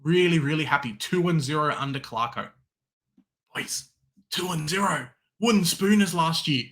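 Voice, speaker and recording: This is a young Australian man chatting casually about his fantasy football team. His voice sits a little high and sounds bright and forceful. He talks in an animated way, leaping into loud, excited bursts and then dropping to resigned mutters. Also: moderate pace. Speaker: fantasy football podcast host. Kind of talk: casual sports chat.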